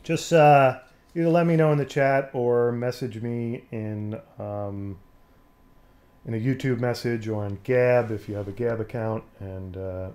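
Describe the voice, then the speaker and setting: A man hosts a casual live stream from home, talking into a desk mic. His voice sits in a middle range with a mellow, dark tone, a little scratchy and nasal from allergies. He rambles along with plenty of fillers and self-deprecating asides. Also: mid-range voice.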